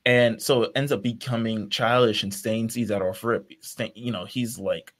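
A man's voice: on the low side, steady tone, normal speed, a bit bright. A man co-hosting a podcast, chatting casually, rambling, laughing often and swearing. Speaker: podcast co-host. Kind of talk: casual chat.

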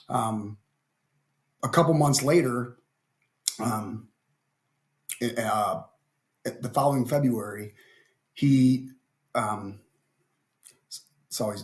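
A middle-aged man from Ohio, a podcast guest telling a story animatedly with stammering restarts. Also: mid-range voice. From Ohio, USA. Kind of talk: conversational interview.

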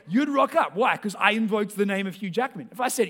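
A man preaching a sermon as pastor, talking conversationally and directly to his congregation, sometimes pressing hard and sometimes dropping to a hush. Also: high voice, expressive, fast talker, few pauses.

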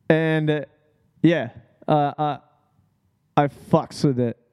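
A man's voice: fairly high pitch, steady tone, drawn-out words, a little mellow, clear, resonant tone. A young man hosting a casual solo podcast, laid-back and profane, rambling with lots of fillers. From Australia. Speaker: podcast host.

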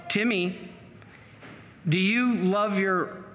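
A man's voice: high-pitched, extremely slow, a bit bright, in a large hall, a little hiss or hum, heavily acted. A priest voicing an old bishop questioning a boy. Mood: earnest. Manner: patient, probing questions. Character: elderly male bishop, gently questioning a boy.

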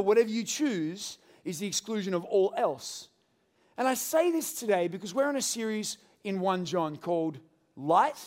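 Man pastor, high voice, animated and playful sermon to a live congregation. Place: church hall with congregation.

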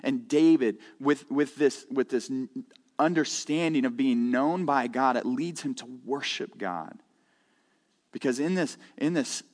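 A middle-aged man preaching a sermon, earnest, repeating words as he starts each thought and growing louder when he stresses a point. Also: medium pitch, normal speed. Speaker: pastor. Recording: long reverb of a hall.

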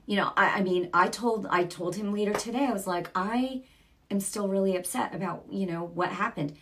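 A woman's voice: medium pitch, normal speed, fairly bright tone. A middle-aged woman preaching informally on a broadcast, earnest and chatty, with sudden bursts of emphasis. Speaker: Christian broadcaster.

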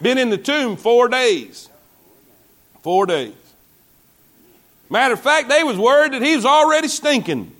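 A man preaches in a high-pitched voice. He reads scripture aloud and breaks off to put questions to his congregation. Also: sing-song, measured pace, long pauses, a bit bright. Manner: preaching with call-and-response asides to the congregation. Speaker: pastor. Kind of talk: sermon.

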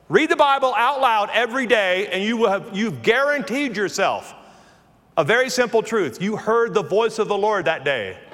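Southern pastor in his fifties, high voice, preaches in a reverberant hall, moving between hush and loud calls. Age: 50s. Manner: swings from hushed to forceful preaching. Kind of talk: sermon.

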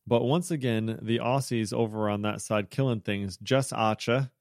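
A podcast host with a lowish, slightly mellow voice, fairly even intonation and a moderate pace explains programming features in casual technical chat. He's chatty, corrects himself and makes jokey asides, in a clean studio recording with no room sound.

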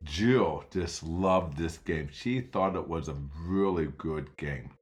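A man narrating a children's story in an animated, dramatic way. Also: low voice, slow pace.

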